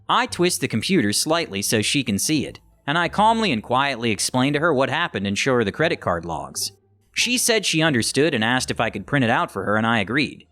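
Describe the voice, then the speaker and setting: A man narrating a story in an animated, lively way, his pitch rising and falling freely at a middle register. He acts out the quoted lines as he reads, with faint music playing underneath. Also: fairly quick. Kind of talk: scripted narration of online stories.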